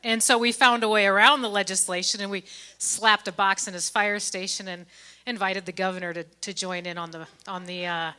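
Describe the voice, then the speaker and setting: Bright-voiced woman giving a folksy speech. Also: mid-range voice, fairly even intonation, a little fast, clear, resonant tone. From Indiana, USA. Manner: folksy and joking, talks straight to the crowd. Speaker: keynote speaker. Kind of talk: speech at a fundraising gala. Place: church hall. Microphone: handheld microphone.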